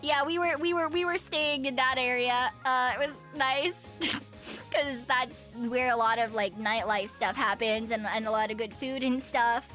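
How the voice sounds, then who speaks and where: A woman's voice: high voice, moderate pace, sharp tone, soft background music. A woman streamer chatting casually, giggling often and rambling with lots of fillers and self-corrections. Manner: giggly, laughs often between sentences. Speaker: VTuber streamer.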